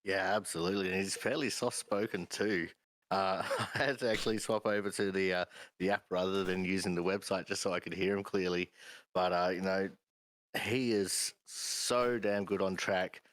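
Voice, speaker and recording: Deep flat-voiced Australian co-commentator man. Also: normal speed, no echo, low-quality recording. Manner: easygoing, many "uh, you know" fillers. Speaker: sim racing co-commentator. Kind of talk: race commentary chat.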